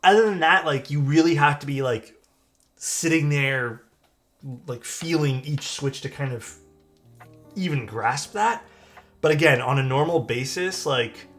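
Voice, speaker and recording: A man's voice: on the high side, a little slow, fairly bright tone. A man with a Canadian accent chatting casually on a live stream, answering viewers' questions about keyboard parts. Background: faint music.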